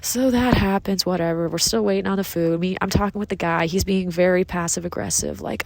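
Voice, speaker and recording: Sarcastic gravelly young woman vlogging outdoors. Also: on the low side, steady tone, fairly quick, few pauses, dry recording. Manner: chatty, sarcastic, swears freely. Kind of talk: casual venting vlog. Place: outdoors in cold woods. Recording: faint outdoor ambience.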